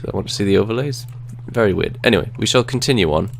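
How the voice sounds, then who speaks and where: Low-voiced man reading game text aloud. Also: very fast, vocal fry, slight background noise. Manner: reads game text aloud, chatty with laughs. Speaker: co-host playing a game. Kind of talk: casual gaming chat.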